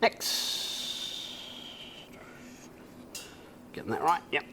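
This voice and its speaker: A man's voice: medium pitch, expressive, a little slow, noisy background. A man with an Australian accent chatting casually and rambling as he restrings a guitar, self-mocking and swearing now and then. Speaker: vlogger.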